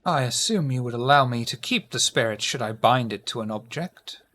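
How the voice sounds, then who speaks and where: A man's voice: medium pitch, lively intonation, moderate pace, a bit bright. A man from England narrating a tabletop role-playing game as game master, with dry, self-mocking asides.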